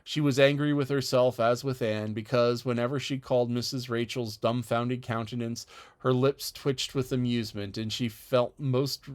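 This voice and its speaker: A man with a medium-pitched voice narrates a classic novel for an audiobook. His scripted reading is measured and expressive, in a storytelling style.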